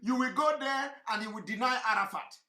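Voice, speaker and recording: A man giving impassioned livestream commentary, preachy and repetitive, firing rhetorical questions and swinging between shouting and low tones. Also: brisk, echoey room. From Nigeria. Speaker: online broadcaster.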